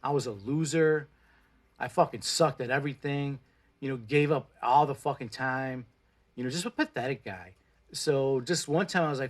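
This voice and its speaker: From indoors, a plant-based food vlogger in his forties, originally from Mexico and a first-language Spanish speaker, livestreams casual, blunt pep talks with plenty of swearing. His voice is mid-range at a moderate pace.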